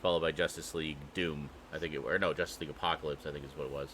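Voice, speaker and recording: A man's voice: a bass voice, fairly even intonation, rapid-fire, fairly bright tone, slight background noise. A man co-hosting a podcast in casual chat, enthusiastic and laughing often. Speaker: podcast co-host.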